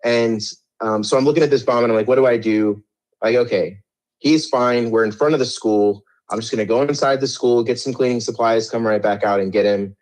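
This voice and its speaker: A man's voice: mid-range voice, steady tone, fairly quick, a little mellow. A middle-aged man telling his story in an interview, rambling with many restarts and a defensive edge.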